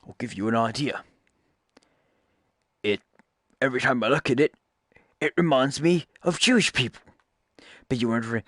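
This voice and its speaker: A man's voice: mid-range voice, normal speed, long pauses, a bit bright, no room sound, clean studio sound. Rambling jokey man commenting on a game. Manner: rambling, jokey, self-correcting asides. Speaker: gaming YouTuber. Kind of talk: casual gameplay commentary.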